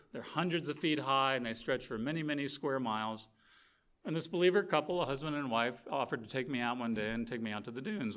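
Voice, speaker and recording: Lively storytelling male preacher. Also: mid-range voice. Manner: lively, animated storytelling with acted-out quotes. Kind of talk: sermon with storytelling.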